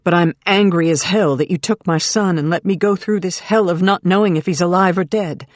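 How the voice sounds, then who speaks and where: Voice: medium pitch, fairly quick, no room sound, close to an everyday voice. Audiobook role: strained, defiant woman, voiced by the narrator, dry studio sound. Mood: tense. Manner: tense, bitter, forceful. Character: determined mother under strain, adult woman. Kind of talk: audiobook character reading.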